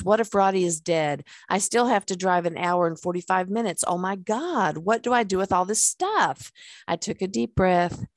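A woman's voice: lowish voice, no room sound. A woman, a life coach, reading her own memoir aloud in an earnest way, with small laughs and fillers in the asides.

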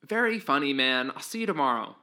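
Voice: medium pitch, very animated, brisk, sharp tone. A storyteller voicing a teenage boy who talks to his friend in an offhand, teasing way.

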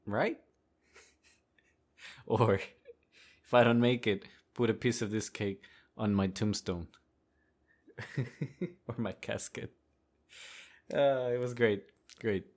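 A man hosting a podcast who tells a personal story in a casual, animated way and laughs often as he talks. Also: mid-range voice, slow, pauses often. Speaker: podcast host.

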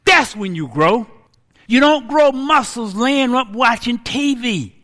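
A pastor in his sixties preaching a sermon, dramatic and animated, acting out wailing laments. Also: very high voice, slow. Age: 60s. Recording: long hall reverb.

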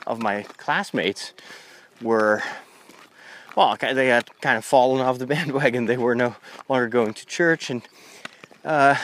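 A man's voice: mid-range voice, a bit bright, a little hiss or hum. A man, a Catholic priest talking through his journey in a rambling, conversational podcast monologue while walking a country path outdoors, recorded on a lavalier mic on his phone. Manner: rambling, conversational, with frequent restarts.

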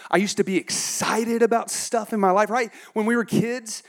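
A man's voice: high voice, moderate pace. A man in his thirties preaching a humorous sermon in church, laughing often and acting out quotes. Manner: animated, laughing, acts out quotes. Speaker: pastor.

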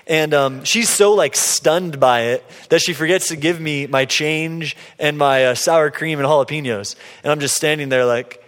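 A man preaching, telling a personal story with playful, lively quotes of himself and others. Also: on the high side, moderate pace, hardly any pauses. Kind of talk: sermon storytelling. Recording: long hall reverb.

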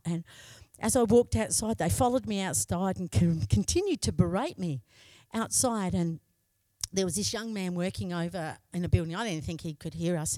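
A woman's voice: lowish voice, mellow, dry recording. A middle-aged Australian woman, a pastor's wife, telling a candid personal story in a sermon.

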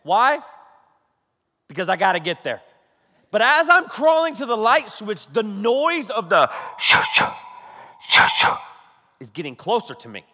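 Pastor in his thirties, high bright voice, animated storyteller, long hall reverb. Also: moderate pace, long pauses. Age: 30s. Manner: animated, storytelling, frequent "okay?" asides, laughing. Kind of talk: humorous sermon story.

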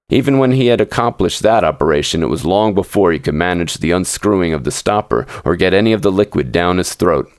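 A man with a very deep voice reads a classic short story for his podcast. His narration is measured and steady. The sound is close and dry, with no room around it. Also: no room sound. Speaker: podcast host and story reader.

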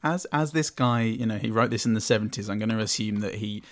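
A man co-hosting a comedy podcast, tossing out deadpan absurd quips and laughing often. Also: fairly low pitch, fast talker, no room sound. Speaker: podcast co-host. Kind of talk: comedic casual chat.

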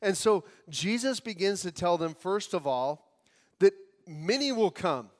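A male pastor preaching a sermon in an earnest, conversational way, with quick asides and restarts, in a church sanctuary. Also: sits high, expressive, long reverb tail.

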